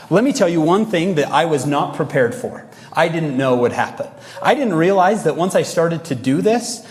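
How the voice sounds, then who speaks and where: A man giving a motivational talk to young people, telling stories with energy and acting out quoted lines. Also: mid-range voice. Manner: animated storytelling, acts out quotes. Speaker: speaker addressing youth. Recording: echoey hall.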